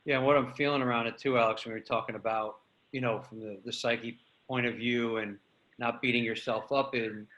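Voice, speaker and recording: A man's voice: medium pitch, a bit bright, low-quality recording. A man with an ordinary mid-range voice chats in an easy, agreeable way. He backs up the others and encourages them as he talks. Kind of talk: casual roundtable chat.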